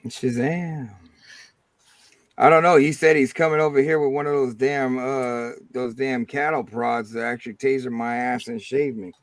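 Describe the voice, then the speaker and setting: A man's voice: mid-range voice, fairly even intonation, moderate pace, dry recording. A man with a Cajun accent hosting a livestream, chatting casually and rambling with crude jokes. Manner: rambling, joking, crude humor. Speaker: livestream host.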